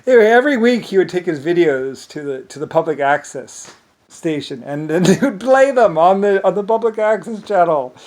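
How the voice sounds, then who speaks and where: A man's voice: sits high, lively intonation, normal speed, a little mellow. A man telling a rambling story in a casual, profane way, full of fillers and laughter. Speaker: channel host.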